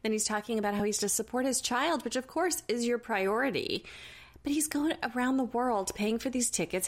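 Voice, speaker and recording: A young woman co-hosting a casual recap podcast, animated and laughing often. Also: fairly high pitch, a little fast. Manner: animated, laughing, mimics people she talks about. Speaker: podcast co-host.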